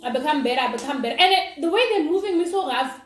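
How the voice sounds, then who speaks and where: A young woman telling a personal story in a casual, animated, dramatic way, as a vlogger. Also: high voice, fast talker. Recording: roomy with faint noise.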